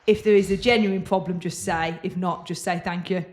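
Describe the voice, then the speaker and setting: A woman's voice: fairly low pitch, a little fast. A woman co-hosting a podcast, telling stories in a casual chat and acting out the voices of the people in them. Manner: animated, acts out quoted voices in her stories. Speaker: podcast co-host. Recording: echoey room.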